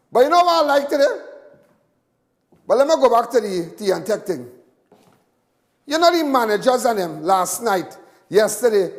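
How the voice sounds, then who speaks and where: A man with a Trinidadian accent hosting a live talk show, giving rambling, animated commentary and repeating himself often. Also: very high voice, long reverb tail. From Trinidad and Tobago. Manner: animated, repetitive, laughs often.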